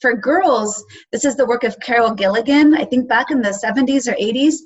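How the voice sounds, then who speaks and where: A woman hosting a podcast, chatting casually and telling stories in quick, lively bursts. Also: fairly high pitch, slightly rough. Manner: lively, explains research in quick storytelling bursts. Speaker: podcast host. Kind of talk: casual interview chat. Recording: muffled lo-fi audio.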